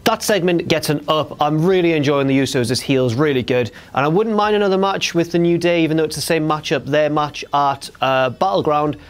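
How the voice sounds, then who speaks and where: A young man, chatting casually as host of a wrestling recap, jokey and quick to slip into silly impressions. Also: on the high side.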